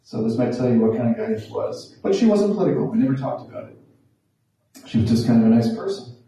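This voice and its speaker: Dark-voiced man telling a stand-up story in an echoey room. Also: medium pitch, lively intonation, quick pace, gravelly, far from the mic. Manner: wry, self-deprecating, conversational. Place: small theatre room.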